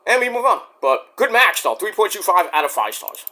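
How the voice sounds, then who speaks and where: A man's voice: high-pitched, sing-song, fairly quick, pushed and bright. A man casually reviewing a wrestling show, rambling, swearing freely and going off on tangents. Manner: rambling, profane and digressive.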